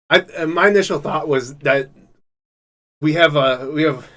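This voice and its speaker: A man with a fairly high voice tells a long, profane story as a podcast co-host. He rambles and restarts, and he gets loud and laughing as the story heats up. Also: normal speed. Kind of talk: casual chat.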